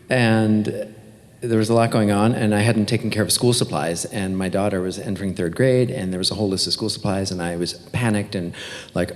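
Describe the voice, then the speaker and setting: A man telling a playful story as a guest on a convention panel, with lively anecdote telling. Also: lowish voice. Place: large convention hall. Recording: echoey hall from far off.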